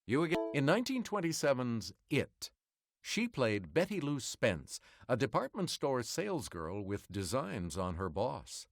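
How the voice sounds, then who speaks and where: Lively quiz show host man. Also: medium pitch. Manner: crisp, measured announcer delivery. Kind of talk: reading quiz clues and answers.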